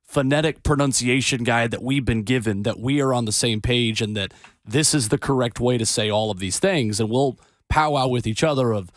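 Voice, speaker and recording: A man co-hosting a sports radio show who also calls games, explaining things in a measured, casual way. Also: mid-range voice, no echo, clean studio sound. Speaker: sports radio co-host and play-by-play announcer.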